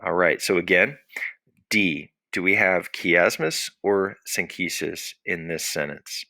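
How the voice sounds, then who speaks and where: A man's voice: low-pitched, slow, gravelly, pushed and bright, dry recording. A man teaching a recorded Latin lesson, explaining patiently and asking questions that he answers himself.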